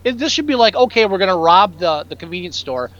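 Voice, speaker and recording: Animated high-voiced man riffing on a film. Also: fast, dull audio. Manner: animated, jokey, mimics film lines. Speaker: podcast co-host. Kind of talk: casual movie-review chat.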